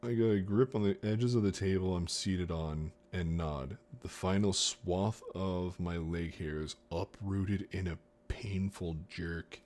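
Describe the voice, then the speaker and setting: A man streamer reading a book aloud, slow and deliberate, with joking asides. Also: low voice, fairly even intonation, a little mellow. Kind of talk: casual storybook reading on stream.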